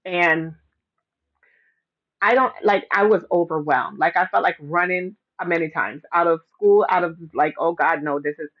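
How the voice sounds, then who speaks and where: A woman's voice: on the low side, unhurried. Rambling woman vlogger, dull lo-fi audio. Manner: rambling, filler-heavy, many restarts. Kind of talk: casual direct-to-camera talk.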